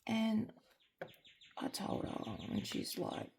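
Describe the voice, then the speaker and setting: An Australian woman chatting candidly at home while crafting, rambling and sometimes sinking to a soft near-whisper. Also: a little high, big pitch swings, slow pace, vocal fry, a little hiss or hum. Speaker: crafting vlogger. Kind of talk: casual chat while crafting.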